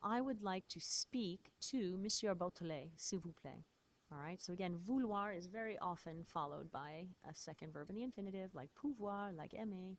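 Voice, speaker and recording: A woman teacher explains French phrases patiently in a recorded lesson. Her voice sits fairly low, and she spells words out letter by letter. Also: animated, normal speed.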